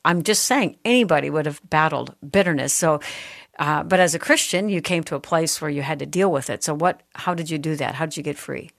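A woman's voice: sits low, brisk, creaky, no echo, studio quality. A woman hosting a Christian radio talk show, speaking in an earnest, conversational way and asking probing questions.

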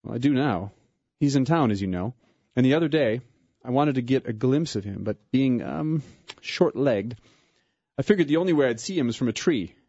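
A man voicing a short, remorseful tax collector in a dramatic story reading, earnest and quick-spoken. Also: medium pitch, animated, mellow, dry recording, highs cut off, pitched above the performer's own voice.

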